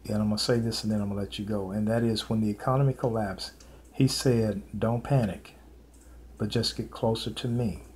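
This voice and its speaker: A man's voice: on the low side, steady tone, a little mellow. Earnest man preaching with faint hiss. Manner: repetitive, earnest, with many pauses and fillers. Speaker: preacher sharing prophetic visions. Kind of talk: informal spoken sermon to camera.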